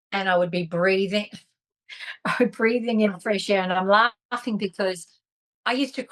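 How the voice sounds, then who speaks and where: A woman with a medium-pitched, slightly bright voice appears as a guest on a video call. In this casual interview she shares a personal story candidly and emotionally, restarting her sentences at times.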